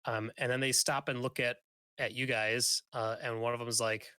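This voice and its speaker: A man runs a tabletop game as game master, and his narration is halting and full of ums and restarts. His voice is medium-pitched and bright. The sound is dry and close. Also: level tone, clean tone, no echo.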